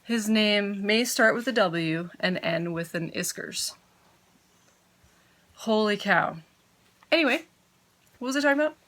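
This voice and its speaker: Casting: bright, chatty woman in her thirties, grateful and rambling, knitting vlogger at home. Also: medium pitch, animated, measured pace, pauses often. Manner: chatty, grateful, easily sidetracked; talks with her mouth full. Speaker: knitting podcaster. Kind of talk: casual chat to camera.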